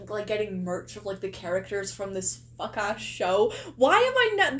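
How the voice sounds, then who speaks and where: A young woman streamer chatting casually as she reacts, gushing and asking lots of rhetorical questions. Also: a little high. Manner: chatty, exclaims and gushes, many likes and rhetorical questions.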